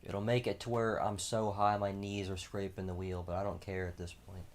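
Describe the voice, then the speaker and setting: A man's voice: sits low, flat delivery, normal speed. A man streaming a racing game, chatting casually with mild swearing. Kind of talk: casual gameplay commentary.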